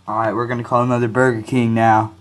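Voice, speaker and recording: A man's voice: medium pitch, heavy background noise. Hesitant rambling male prank-call host. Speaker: podcast host making prank calls. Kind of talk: casual prank-call chat.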